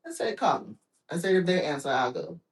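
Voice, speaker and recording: A woman from Texas, a podcast guest, telling stories in a casual chat with frequent laughs and quoted voices. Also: a little fast. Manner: animated, laughs often, acts out quotes in a high voice. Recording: roomy echoing room.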